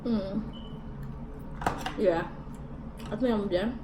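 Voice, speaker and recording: Speaking extremely slowly in a mid-range voice, a woman chats in slang while eating on a mukbang vlog, often talking with her mouth full. The audio comes from a distance in an echoey room, with noise in the background.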